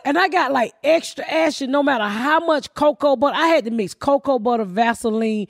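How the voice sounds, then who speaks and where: Congested Southern woman host, gravelly and brash, dry close mic. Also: sits high, a little fast, dry recording. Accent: Southern American. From American South. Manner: brash, profane storytelling. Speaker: podcast host and comedian. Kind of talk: casual comedic chat.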